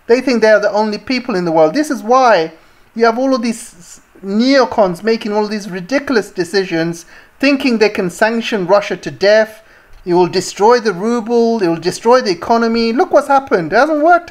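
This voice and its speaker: A woman's voice: on the high side, expressive, normal speed. A woman vlogger giving scornful, indignant political commentary, with many fillers and restarts. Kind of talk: ranting commentary.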